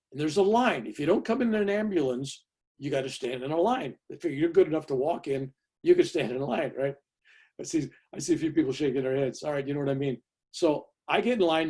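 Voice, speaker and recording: A man's voice: fairly high pitch, a little mellow, husky. A man, a guest speaker chatting through a personal story for an audience and tagging his lines with "right?". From California, USA. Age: 70s. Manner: chatty, keeps tagging "right?" and "you know".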